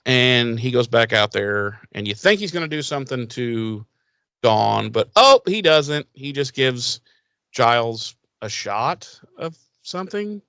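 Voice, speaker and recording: Male podcast co-host, sarcastic and profane, mid-pitched, dry close mic. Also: very animated, vocal fry, fairly bright tone, clean tone, dry recording. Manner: sarcastic, profane, acts out characters in quick voices. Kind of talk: casual recap chat.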